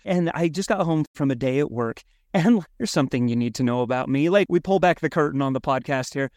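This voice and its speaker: A man co-hosting a podcast in casual chat, telling stories with lively acted-out asides. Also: mid-range voice, brisk, no room sound, clean studio sound. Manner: animated storyteller, acts out his own thoughts. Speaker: podcast co-host.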